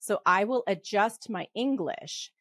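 A middle-aged woman with a Western Canadian accent, chatting as a podcast guest. She talks quickly and animatedly, laughs easily and keeps restarting her sentences, at a medium pitch. The sound is close and dry. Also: dry recording. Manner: fast, animated, laughs often, many restarts. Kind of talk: casual interview talk.

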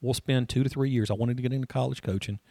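A middle-aged man, a college soccer coach, telling stories in a relaxed interview and often repeating words as he goes. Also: mid-range voice, quick pace, vocal fry, dry recording, clean studio sound. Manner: rambling, repeats words, laughs easily. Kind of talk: casual interview talk.

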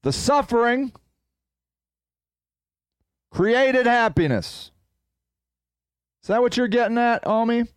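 A man's voice: very high voice, takes it slowly, long pauses, smooth, dry recording. A man hosting a podcast, telling rambling, playful stories in casual solo chat. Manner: animated, rambling, playful storytelling. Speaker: podcast host.

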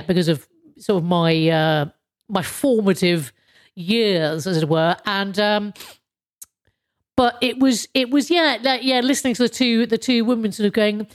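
A British woman hosting a podcast in a casual monologue, rambling with frequent chuckles and casual swearing. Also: mid-range voice. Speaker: podcast host.

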